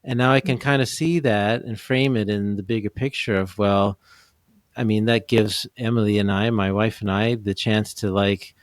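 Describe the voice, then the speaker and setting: A man's voice: lowish voice, fairly even intonation, moderate pace, dry recording, clean studio sound. A middle-aged man hosting a podcast interview, chatting loosely and thinking aloud with plenty of fillers. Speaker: podcast host. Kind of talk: casual interview chat.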